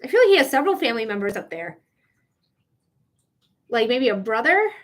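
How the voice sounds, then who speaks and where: A woman with a high, bright-pitched voice gives a live-streamed psychic reading. She chats loosely, filling her speech with "like" and laughing easily. She is open with her feelings as she talks. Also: big pitch swings, a little fast. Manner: chatty, heavy use of "like", emotional and laughing. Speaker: psychic reader.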